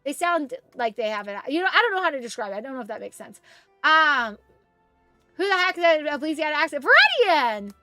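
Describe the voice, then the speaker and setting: A woman streaming a game, chatting casually and excitedly while reading chat aloud. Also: sits high, fairly quick, faint music behind.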